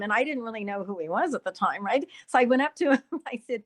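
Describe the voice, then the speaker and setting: Woman guest chatting about acting gigs, bit high voice, keeps laughing and doing accents. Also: fast, few pauses. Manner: laughs often, mimics accents mid-story. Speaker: guest actress. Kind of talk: casual storytelling chat.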